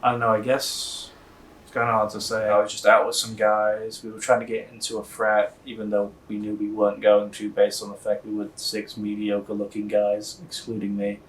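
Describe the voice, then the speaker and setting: A young man telling a story in a casual, deadpan interview, rambling with lots of fillers. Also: fairly low pitch, normal speed, distant mic, low-quality recording. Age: young adult.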